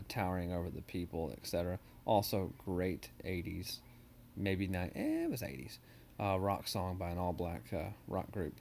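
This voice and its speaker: A man's voice: low-pitched, darkish tone, slight background noise. A man history teacher giving a casual, joking recorded lecture over slides, with many ums and uhs.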